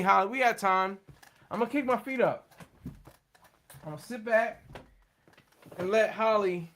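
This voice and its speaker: Bright, high-voiced rambling streamer man. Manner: chatty and rambling, laughs often, many restarts. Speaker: livestream host. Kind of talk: rambling live-stream chat. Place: at home at his computer.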